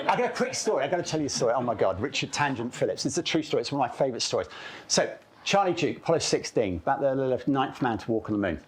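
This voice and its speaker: A man giving a live talk at a club event, telling anecdotes in an animated, chatty way, often checking in with "okay?". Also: mid-range voice, fast, a crowd in the background.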